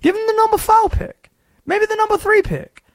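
A man putting on a Southern accent to play an excitable conspiracy-theorist sports pundit on a radio show. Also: very high voice, no room sound, clean studio sound, pitched above the performer's own voice. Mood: insistent. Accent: American Southern. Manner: fast-talking, drawling, wheedling. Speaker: radio host.

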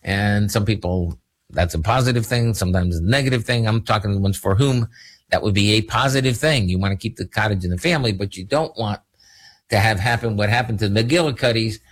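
Rambling, jokey male radio host. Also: fairly low pitch. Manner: rambling, jokey, many fillers. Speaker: radio show host and attorney. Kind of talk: casual radio talk.

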